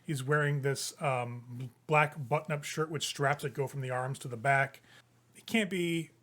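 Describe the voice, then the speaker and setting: A man's voice: mid-range voice, measured pace, fairly bright tone. A man running a tabletop game as game master, describing scenes casually and loosely.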